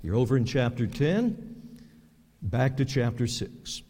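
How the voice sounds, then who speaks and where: A pastor delivering a sermon in a mellow, warm voice, his words ringing out with a long echo through a large church sanctuary. He preaches emphatically, hammering words through repetition and swinging from loud peaks to low, quiet drops. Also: lively intonation, slow pace. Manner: emphatic preaching with sharp swings in loudness and pitch, repeating words for stress. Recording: long reverb of a large hall.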